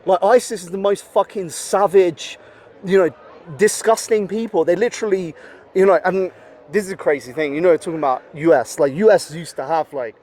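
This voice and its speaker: Rambling man with a higher voice. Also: moderate pace, a little mellow. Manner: rambling, heavy with "you know" and "like" fillers; blunt, swears freely. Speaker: podcast guest. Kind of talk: casual interview conversation.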